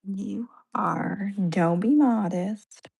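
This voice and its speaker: A woman's voice: mid-range voice, drawn-out words, vocal fry, darkish tone, breathy edge. A middle-aged woman co-hosting a livestream, talking casually and filling her speech with "like". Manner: chatty, peppered with "like". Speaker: livestream co-host. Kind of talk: casual chat.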